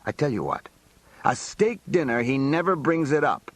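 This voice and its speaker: A man voicing a gruff streetwise mobster friend who needles the narrator, in a slightly lowered husky voice. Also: big pitch swings, normal speed, no echo. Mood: knowing.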